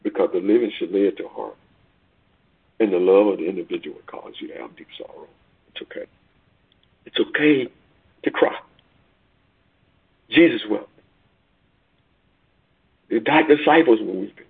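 Man preacher, husky and gravelly, heard over a tinny phone line, rhythmic repetition. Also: sing-song, normal speed, pauses often. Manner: preaching with swells of pitch and loudness, repeating phrases. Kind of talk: sermon on a call. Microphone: phone call.

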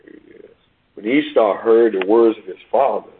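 A man preaching a sermon and reading scripture aloud, slow and emphatic, repeating words and stretching key phrases. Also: fairly low pitch, a little hiss or hum. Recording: tinny phone-like recording.

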